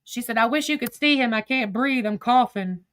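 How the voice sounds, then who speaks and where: A woman's voice: fairly high pitch, moderate pace, fairly bright tone, clear, resonant tone, dry recording. A woman streaming casual commentary, reading text messages aloud in a profane, gossipy way and laughing often. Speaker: social media streamer.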